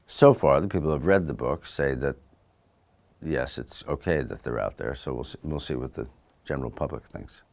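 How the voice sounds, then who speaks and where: Very deep-voiced man, thoughtful and unhurried. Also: creaky. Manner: thoughtful, unhurried, trails off softly. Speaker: actor and author being interviewed. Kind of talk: relaxed conversational interview. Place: audiobook recording studio. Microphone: studio microphone.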